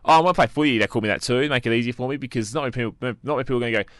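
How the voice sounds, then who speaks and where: A man's voice: medium pitch, racing, fairly bright tone, no room sound, clean studio sound. A man with an Australian accent, a radio presenter joining in casual, easygoing banter. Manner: easygoing, laughs along.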